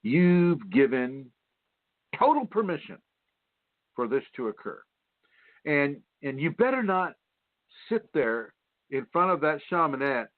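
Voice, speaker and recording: A man's voice: on the high side, very animated, measured pace, long pauses, dry recording. A man hosting a spiritual radio show, talking in a rambling, repetitive, preachy way with many fillers. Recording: tinny phone line, dry.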